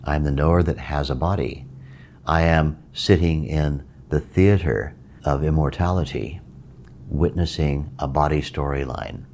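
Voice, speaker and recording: A middle-aged man, a meditation teacher, giving a reflective spoken talk in a measured way, repeating phrases for emphasis. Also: extremely low pitch, a little mellow, slight background noise.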